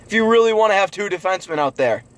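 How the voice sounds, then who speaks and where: High-voiced man ranting about hockey. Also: animated, very fast. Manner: angry ranting, profane, yelling. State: frustrated. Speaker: sports recap host. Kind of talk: ranting sports recap.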